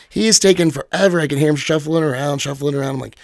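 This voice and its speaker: Light, giggly male guest telling stories, dry close studio sound, slightly high voice. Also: fast talker, few pauses, no echo. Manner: giggly, self-deprecating, acts out his own reactions. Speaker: author guest. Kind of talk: casual storytelling interview.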